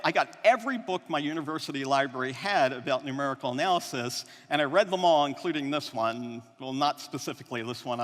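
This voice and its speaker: A man giving a conversational conference talk, often checking in with the audience. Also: medium pitch. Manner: animated, conversational, often adds "right?". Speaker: conference speaker. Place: large conference hall. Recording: long hall reverb.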